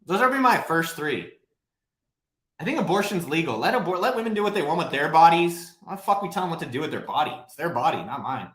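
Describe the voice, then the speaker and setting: A man's voice: fairly high pitch, quick pace. Profane, rambling man on a live stream. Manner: profane, blunt, rambling and animated. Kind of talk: casual livestream Q&A. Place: home office, livestreaming. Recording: roomy echo.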